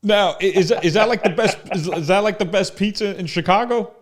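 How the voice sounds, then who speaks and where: A man's voice: high voice, fairly quick. A male host asking eager questions and jumping in during a casual interview. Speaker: show host.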